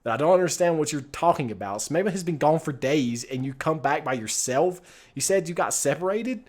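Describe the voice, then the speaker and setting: A man's voice: a little high, lively intonation, fairly quick, a little mellow. A man voicing a confused, hurt male companion in a text adventure game, speaking in his own plain voice with bewildered questions. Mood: puzzled.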